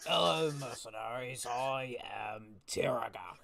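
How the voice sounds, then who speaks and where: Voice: medium pitch, slow pace, vocal fry, crowd noise. A game master voicing an old male half-orc barbarian who coughs, trails off, and calls people darling. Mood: weary. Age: older.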